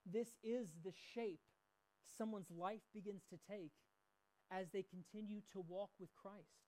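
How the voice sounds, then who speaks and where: A man's voice: sits high, fairly even intonation, measured pace, mellow, rough recording. A middle-aged man preaching a sermon in a conversational way, mixing scripture with personal stories. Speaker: pastor.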